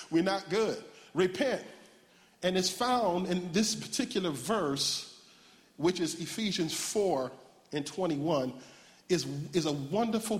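A man preaching a lively sermon as pastor, with call-and-response shouts and laughter. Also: a little high. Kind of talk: animated sermon. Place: church sanctuary. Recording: church hall reverb.

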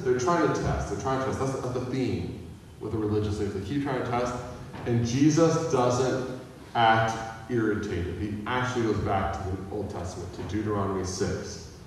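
A man's voice: on the low side, a little hiss or hum. Guy preaching a casual sermon, jokes around, sounds far off in a big echoey church. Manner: conversational, with humor and acted-out quotes. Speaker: pastor. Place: church sanctuary. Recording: echoey hall, voice from a distance.

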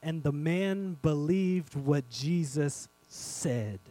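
Man, pastor, sermon, high voice, dry close sound, animated. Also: extremely slow, no room sound, poor audio. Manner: animated, addresses congregation directly, swings between loud and hushed.

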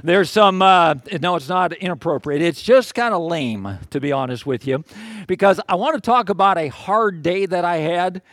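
Older man, pastor, folksy storyteller, slightly high voice, dry close sound. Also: normal speed, no echo. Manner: folksy, self-deprecating, animated storyteller. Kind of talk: storytelling sermon.

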